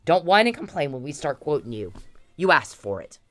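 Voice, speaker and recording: A woman's voice: deep voice, very animated, fairly quick, faint music behind. A woman vlogger delivering an angry, confrontational rant straight to the person she is addressing. She swears freely and hammers the same phrases over and over. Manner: confrontational, profane, repeats phrases. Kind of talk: angry direct-to-camera rant.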